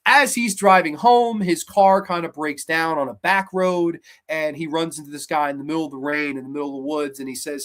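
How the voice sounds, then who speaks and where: A man hosting a horror movie show, retelling a film's plot in an energetic, animated way with fillers. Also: fairly high pitch, fairly quick, few pauses. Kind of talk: casual movie review.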